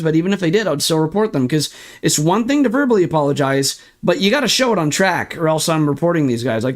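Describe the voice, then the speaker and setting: A young man streaming sim racing, ranting in frustration and swearing while walking through replay footage. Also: high voice. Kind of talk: ranting livestream commentary.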